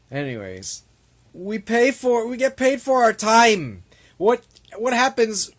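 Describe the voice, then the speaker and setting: A young male vlogger rants at the camera in a somewhat bright, high-pitched voice. He sounds exasperated and annoyed, rambling and repeating himself.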